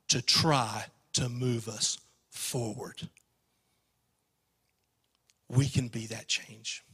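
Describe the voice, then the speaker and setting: A man preaching a sermon in a church, telling an emotional story and swinging from loud passages to hushed ones. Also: sits high, big-room sound. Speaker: pastor.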